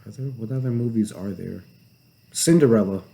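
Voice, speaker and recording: A young man co-hosting a podcast in casual chat, laid-back and low-key, with many short agreeing replies. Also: moderate pace, creaky, dark tone. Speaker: podcast co-host.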